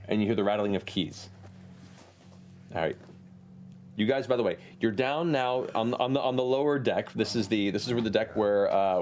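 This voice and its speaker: A man narrating a tabletop game as game master, animated and often laughing as he describes chaotic scenes. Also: on the low side, slight background noise.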